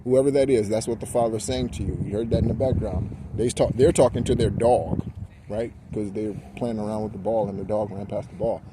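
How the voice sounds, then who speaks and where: A spiritual guidance host gives a rambling, preachy pep talk outdoors near traffic, correcting himself as he goes. His voice is lowish and fairly even, a little fast, with loud street and car noise in the background.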